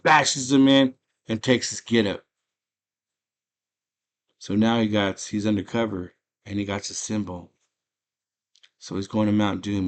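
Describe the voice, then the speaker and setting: A man with a fairly low voice retells a movie scene by scene in a loose, chatty way. He gets animated as the story builds, slipping into quick impressions of the characters. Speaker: movie podcast host.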